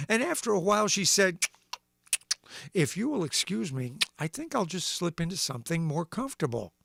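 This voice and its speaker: Male livestream host, lively storyteller, slightly high voice, dry recording. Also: vocal fry, dry recording. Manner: animated storyteller, voicing characters and sound effects. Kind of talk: reading a comic story aloud on a livestream.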